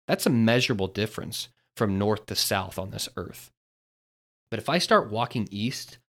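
A man's voice: medium pitch, a bit bright. A man hosting a devotional podcast, talking in an earnest, storytelling way. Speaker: podcast host.

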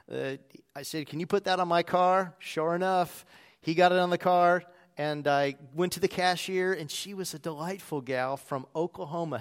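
A man preaching a sermon as a pastor, in a conversational storytelling way. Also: high voice.

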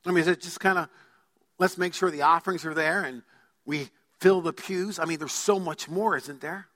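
A man's voice: fairly high pitch, normal speed, a bit bright. A man preaching a sermon as pastor, emphatic, putting questions to his congregation. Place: church sanctuary. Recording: long hall reverb.

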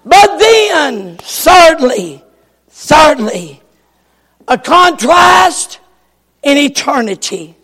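A man with a strikingly high voice preaches a sermon at a slow, deliberate pace. He shouts in impassioned bursts and repeats key phrases for emphasis. His voice rings through an echoey church hall with a long reverb. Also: big pitch swings.

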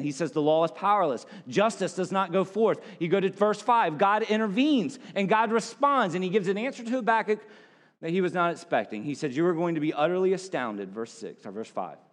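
Male pastor, high voice, casual sermon delivery with asides, reverberant church hall. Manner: conversational preaching with asides.

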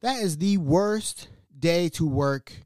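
A man hosting a podcast, telling a workplace story in an animated, slangy way and acting out the dialogue. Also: a little high, slow pace, dry recording, clean studio sound. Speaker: podcast host.

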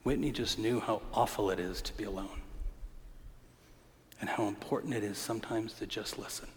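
A man's voice: lowish voice, steady tone, normal speed, slight background noise. A male pastor preaching a storytelling sermon in a church, with humor, a conversational tone and punchy emphasis. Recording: hall reverb.

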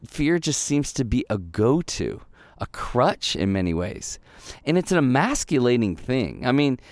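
A man's voice: medium pitch, dry recording. A middle-aged man preaching a conversational sermon as a pastor, telling a story with many restarts and fillers.

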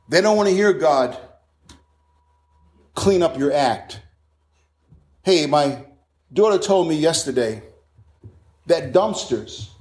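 A man's voice: a little high, darkish tone. A middle-aged man from the United States preaching a sermon, fervently quoting scripture and repeating his points for emphasis.

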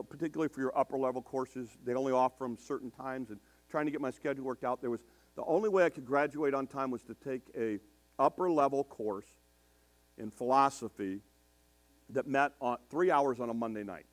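An older man preaching in a storytelling way, emphatic and slowing down to stress his points. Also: mid-range voice. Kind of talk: storytelling sermon.

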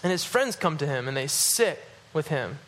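A man preaching to his congregation, animated and rising at emphatic points, dropping low and quiet when he reads scripture. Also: normal speed. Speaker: pastor. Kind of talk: sermon.

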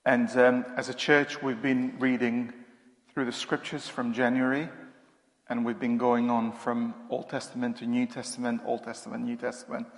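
Male minister, relaxed conversational sermon, roomy hall with long reverb. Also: mid-range voice, moderate pace. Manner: conversational with frequent ums. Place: church hall. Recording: echoey church hall reverb.

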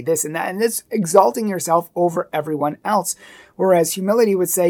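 A woman's voice: fairly low pitch, fairly quick, darkish tone. A woman giving an earnest, emphatic Catholic teaching talk, acting out the attitudes she describes. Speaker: Catholic speaker.

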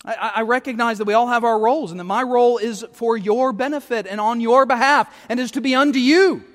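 High-voiced pastor in a reverberant hall. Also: male voice, fairly quick, a bit bright. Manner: conversational, self-deprecating, frequent tag questions. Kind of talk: sermon. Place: church sanctuary.

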